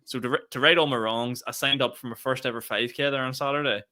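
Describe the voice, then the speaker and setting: A young man with a Northern Irish accent tells a rambling, animated story in a casual podcast chat, swearing freely along the way. His voice is bright and sharp-edged, pitched around the middle for a man. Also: quick pace. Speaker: podcast co-host.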